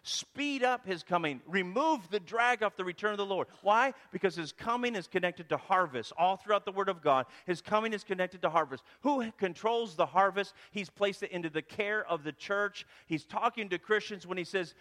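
Guy preaching in a church, kinda high voice, lots of hall echo, gets animated telling stories. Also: normal speed, few pauses. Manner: animated storytelling with bursts of emphasis. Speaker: guest preacher. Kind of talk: sermon. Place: church sanctuary.

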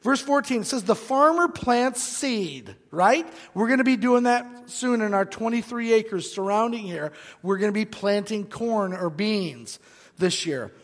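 A male pastor preaching a sermon, animated, swinging from loud bursts to hushed asides. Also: sits high, unhurried. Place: church sanctuary. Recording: long hall reverb.

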